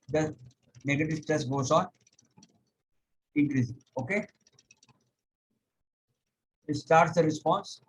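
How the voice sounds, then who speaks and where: A man teaching a yoga class over a video call, explaining step by step, pausing on "okay", and chanting scripture verses slowly. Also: on the high side, slight background noise, low-quality recording. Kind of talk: online lecture.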